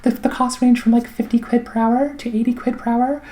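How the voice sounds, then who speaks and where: A middle-aged woman chats through a personal update in a fairly high, mellow voice. She rambles with plenty of ums and likes and drops dry, wry remarks, while a clogged throat makes her pause to clear it again and again. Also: fairly even intonation. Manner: chatty, rambling, wry, many fillers. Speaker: vlogger.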